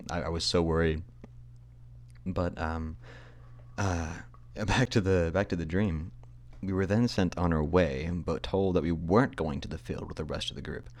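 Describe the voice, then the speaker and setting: A man's voice: rumbling low, darkish tone. A young man hosting a podcast, telling a long personal story in a rambling, self-deprecating way and often laughing at himself. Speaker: podcast host. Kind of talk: casual storytelling.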